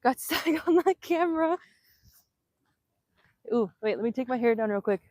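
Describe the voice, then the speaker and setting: Chatty, excitable woman vlogging outdoors. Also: on the high side, moderate pace, no echo, clean studio sound. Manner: chatty and excitable, laughs often. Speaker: vanlife vlogger. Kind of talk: casual live-stream chat. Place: outdoors in Hawaii.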